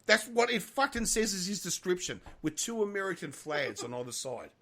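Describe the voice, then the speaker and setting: A man's voice: high-pitched, animated, moderate pace, hardly any pauses, a bit bright. A middle-aged man, co-hosting a casual podcast chat, swearing a lot and ranting heatedly. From Australia. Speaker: podcast co-host.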